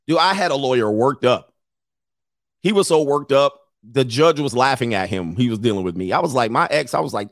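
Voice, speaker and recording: Offering blunt, profane advice, a middle-aged podcast host talks casually and frequently imitates other people in a raised voice. His medium-pitched voice has lively intonation, a measured pace, and long pauses, with a clean studio sound and no room sound.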